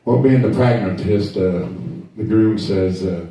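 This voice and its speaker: A man's voice: fairly low pitch, a little slow, mellow. Echoey man telling jokes on stage. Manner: drawling storyteller, acts out characters in dialogue. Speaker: stand-up comedian. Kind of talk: stand-up joke telling. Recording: echoey room, mic heard from a distance.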